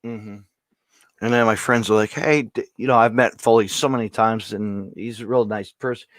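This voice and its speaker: A man's voice: on the low side, level tone, normal speed, no echo. A man hosting a podcast in a casual, rambling way, laughing often and saying "you know" a lot. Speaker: podcast host. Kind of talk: casual chat.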